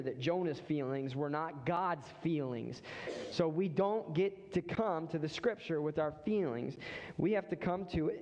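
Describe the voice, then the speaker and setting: A man preaching a sermon as pastor, lively and animated, acting out the voices of people in the story. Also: on the high side, long reverb tail, dull audio. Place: church hall.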